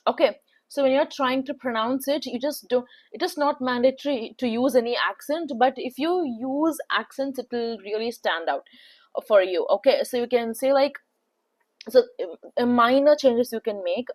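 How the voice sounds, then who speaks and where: A young woman with an Indian English accent tutors for a placement test, walking through practice in a relaxed, filler-heavy style and frequently checking in with "okay." Her voice is a little high and slightly mellow, at a normal speed.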